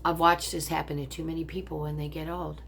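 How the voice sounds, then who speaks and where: A woman's voice: sits low, level tone, a little fast, creaky, a bit bright, husky. Profane, ranting older woman on a phone. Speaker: vlogger. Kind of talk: angry personal vent to camera. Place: at home, looking out on a pond.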